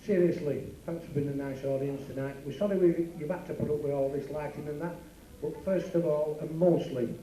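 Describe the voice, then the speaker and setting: Brash Yorkshire club comic. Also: male voice, on the high side, fairly even intonation, brisk, dark tone. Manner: brash, teasing banter. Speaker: club comedian and compère. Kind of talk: live club comedy double act. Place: working men's club stage. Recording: echoey club recording from far off. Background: live audience.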